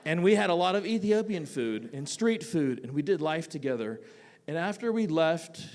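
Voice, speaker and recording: A man, a teacher, telling a personal story live on a theatre stage, animated and casual, swinging between loud bursts and quiet asides. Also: a little high, moderate pace. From United States. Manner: casual, with frequent "like" fillers.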